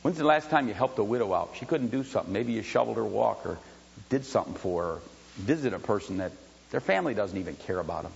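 A man's voice: expressive, fast talker, creaky, breathy edge. Man preaching in an echoing hall. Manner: swings from low, quiet storytelling to loud shouted preaching. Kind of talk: sermon. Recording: dull lo-fi sound with long hall reverb.

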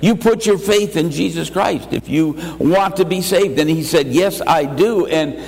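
An older man preaches a sermon with emphatic, drawn-out lines that rise in pitch for the key points. His voice sits a little high for a man. A long hall reverb trails every phrase. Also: creaky, darkish tone. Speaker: pastor.

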